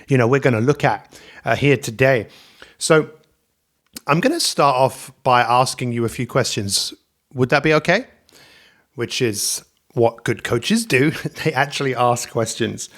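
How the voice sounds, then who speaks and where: A medium-pitched man hosts his own motivational podcast on coaching, speaking solo with upbeat energy and repeating catchphrases. He's indoors at home with coffee in front of him.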